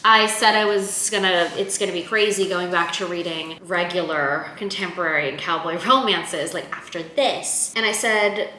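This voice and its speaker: A young woman vlogging in her apartment kitchen, chatting in a rambling, self-mocking way full of quick asides. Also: on the low side, expressive, bright, forceful tone, reverberant, slight background noise. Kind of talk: casual chatty vlog.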